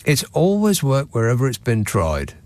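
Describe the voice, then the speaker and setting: A man's voice: mid-range voice, huge pitch swings, normal speed, darkish tone. Wry British man hosting talk radio. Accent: British English. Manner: sardonic, wry storytelling. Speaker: radio phone-in host. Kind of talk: late-night call-in radio chat. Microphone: studio microphone.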